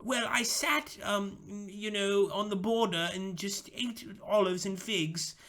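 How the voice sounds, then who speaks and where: Man doing a dithering, cowardly Roman consul, high and bright. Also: slow, full character voice. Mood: sheepish. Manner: whiny, dithering.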